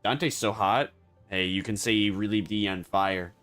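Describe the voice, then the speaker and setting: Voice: deep voice, moderate pace, a bit bright, soft background music. A VTuber streamer reading game dialogue aloud and breaking off into playful, jokey asides.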